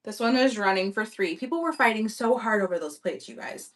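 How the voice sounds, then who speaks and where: A woman's voice: mid-range voice, expressive, fairly quick, a bit bright, far from the mic. A woman hosting a casual live-stream auction, chatting upbeat as she describes vintage items for buyers. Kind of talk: casual live-selling chat.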